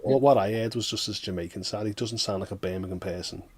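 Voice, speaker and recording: A man hosting a relaxed chat, talking in a joking way with frequent restarts. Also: lowish voice, fast talker, a crowd in the background. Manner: chatty, jokey, many restarts. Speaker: host. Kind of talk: casual chat.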